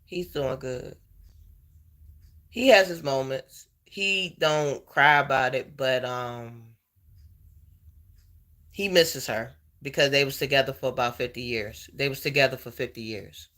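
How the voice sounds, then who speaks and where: A man in a heartfelt personal chat with his viewers, tearful, halting and emotional. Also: mid-range voice, pushed and bright. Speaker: vlogger.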